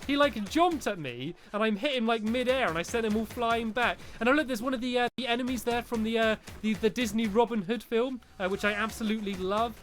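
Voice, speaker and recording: A man giving chatty, excitable let's-play commentary, talking straight to his viewers and cheering himself on at a desk microphone. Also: very high voice, fairly quick, hardly any pauses, faint music behind. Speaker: gaming YouTuber. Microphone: desk microphone while gaming.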